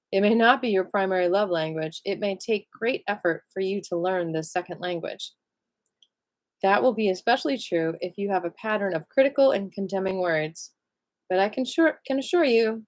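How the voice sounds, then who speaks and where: A woman's voice: mid-range voice, darkish tone. Tired woman reading a book aloud. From American. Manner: reads aloud steadily, breaking off for chatty asides. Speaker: live book reader. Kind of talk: live reading of a self-help book with asides.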